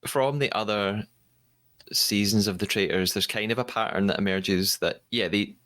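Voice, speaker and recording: A man's voice: fairly low pitch, moderate pace, fairly bright tone. A man hosting a podcast, recapping a TV episode in a chatty, hesitant way with many restarts. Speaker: podcast host. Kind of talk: casual podcast recap chat.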